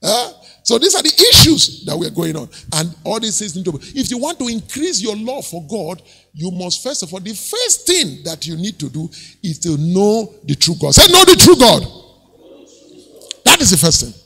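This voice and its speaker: A male pastor preaching an animated sermon, acting out quoted voices and chuckling often. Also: high-pitched, moderate pace, creaky, breathy edge, big-room sound.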